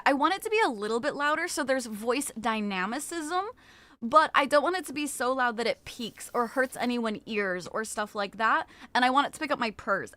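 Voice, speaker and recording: A woman's voice: high voice, pushed and bright, no echo. A woman streaming live, chatting casually with her viewers, greeting them by name and often restarting her sentences. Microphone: desktop mic with a limiter.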